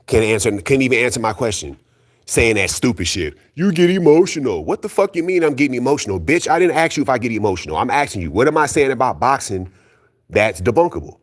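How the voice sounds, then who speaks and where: A fired-up man ranting, low-voiced. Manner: profane, blunt, repetitive, argumentative; keeps calling out critics, insistent. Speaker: boxing commentary YouTuber. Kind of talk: heated solo rant.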